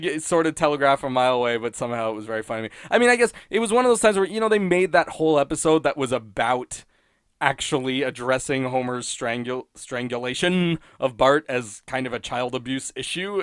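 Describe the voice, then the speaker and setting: A man's voice: medium pitch, smooth, dry recording. Solo podcast host, man, mid-range voice, dry close sound, rambling and wry, restarts a lot. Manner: rambling, self-interrupting, wry, laughs at own points. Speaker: podcast host reviewing episodes. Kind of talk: casual solo commentary.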